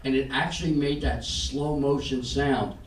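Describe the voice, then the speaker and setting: An older male comedian works a small club crowd, his voice carried through a roomy space and picked up from some distance off. He tells his stories flatly and drops into quick acted-out lines for the people in them. A faint hum of the room sits under him. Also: medium pitch. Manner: deadpan storytelling with acted-out quotes. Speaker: stand-up comedian. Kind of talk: stand-up set. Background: audience laughter and room noise.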